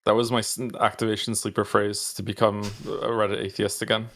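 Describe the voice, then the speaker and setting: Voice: medium pitch, level tone, a little fast, fairly bright tone. A guest on a stream chatting casually, with wry, dry humor. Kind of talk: casual chat.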